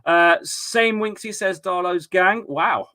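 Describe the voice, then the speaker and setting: Bright-voiced chatty English lad hosting. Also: male voice, high-pitched, slow pace. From England. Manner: chatty, jokey, repeats himself and stumbles on words. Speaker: host of a fan watchalong stream. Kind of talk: casual live-stream chat reading comments.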